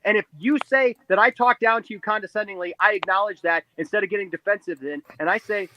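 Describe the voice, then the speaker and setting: A man's voice: high-pitched, fast talker, hardly any pauses, highs cut off. A man co-hosting a live stream, arguing emphatically and repeating himself as he pleads his point in a heated debate. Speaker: stream co-host.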